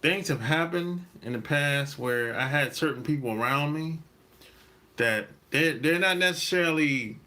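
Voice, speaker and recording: Guy rambling on about people, laid back, repeats himself a lot, bright sharp voice. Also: a little high, measured pace. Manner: relaxed, rambling, repeats himself, laughs often. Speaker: dating advice host. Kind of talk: casual monologue.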